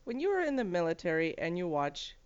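A woman co-hosting a casual podcast chat, telling stories in an animated way and laughing often. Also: fairly low pitch, brisk, clean tone. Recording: dull lo-fi mic.

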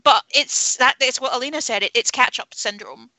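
A woman's voice: high-pitched, moderate pace, bright, forceful tone, dry recording, poor audio. A woman talking candidly about films in a casual podcast chat, opinionated and swearing freely. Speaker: film podcast panelist.

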